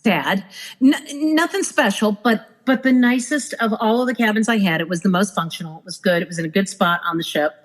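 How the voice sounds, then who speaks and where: Speaking briskly in a mid-range voice, this woman, once a cruise director, tells casual podcast stories. The low-quality audio doesn't dampen her lively impressions of the people she quotes.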